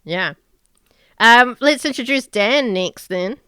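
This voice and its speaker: A woman game master hosting her stream over an online call, bubbly and playfully bossy, quick to laugh. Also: fairly high pitch, lively intonation, bright, forceful tone, smooth, dry recording, clean studio sound. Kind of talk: casual stream chat, introducing players.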